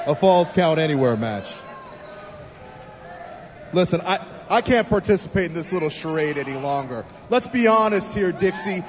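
A man, a wrestler, giving a sarcastic promo that builds from calm talk to shouting. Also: fairly high pitch, normal speed, dull audio, slight background noise.

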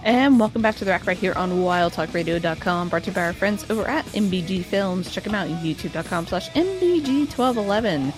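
A woman's voice: on the low side, lively intonation, brisk, few pauses, over music. A woman co-hosting an internet radio show, reading the welcome and plugs in an upbeat way.

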